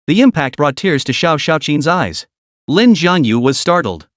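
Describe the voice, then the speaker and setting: A man's voice: a little high, normal speed, no room sound, studio quality. A man narrating a dramatic story recap in a scripted reading voice. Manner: lively storytelling, reads all characters' lines himself.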